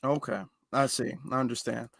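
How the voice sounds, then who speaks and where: A man's voice: mid-range voice, steady tone, moderate pace, gravelly, fairly bright tone, no room sound, studio quality. A man hosting a live stream, reading out viewer questions politely. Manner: polite, affirming. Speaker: host.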